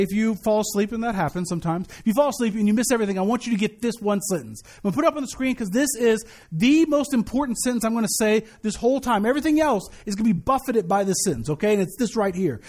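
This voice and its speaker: A middle-aged man pastor preaching a sermon, an animated, joking storyteller who repeats his key points. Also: high-pitched, quick pace, few pauses.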